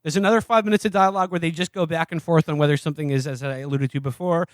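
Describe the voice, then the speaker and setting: Sardonic guy rambling a movie review, kinda high voice, dead dry mic. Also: fairly even intonation, rapid-fire, no room sound. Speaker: podcast co-host. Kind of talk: casual comedic film review chat.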